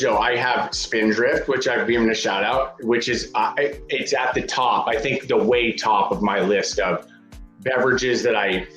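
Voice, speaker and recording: A man's voice: medium pitch, a bit bright, echoey room, lo-fi sound. A man appearing as a podcast guest, chatting casually and often rambling and interrupting himself. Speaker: guest, food company founder.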